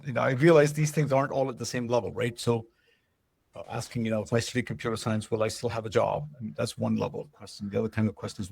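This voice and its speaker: A man with a mid-range voice that's creaky, husky and a little mellow presents a webinar in a dry recording. He keeps it casual and conversational, leaning on fillers and often asking if things make sense.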